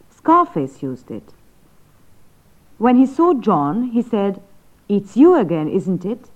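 Woman student, polite questioner, lively pitch, thin phone-like sound. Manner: polite, inquisitive. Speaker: student in a lesson. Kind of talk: scripted language lesson. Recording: tinny phone-like old recording.

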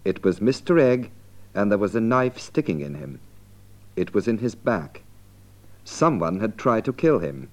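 Man narrating a lesson, lively low voice. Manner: slow, deliberate, explanatory. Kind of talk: scripted narration for learners.

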